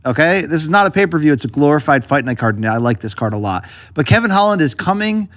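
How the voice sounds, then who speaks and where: A man's voice: on the high side, fast. A man hosting a casual sports podcast, steering the talk with jokes between fight picks. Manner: animated, joking, steers the segments. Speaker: podcast host.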